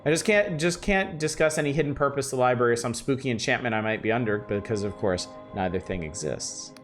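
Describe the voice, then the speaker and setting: A man's voice: mid-range voice, expressive, fast, faint music behind, natural voice. A man voicing a fussy, evasive middle-aged woman librarian in a video game, reading her lines aloud in a genteel manner and calling everyone dearie.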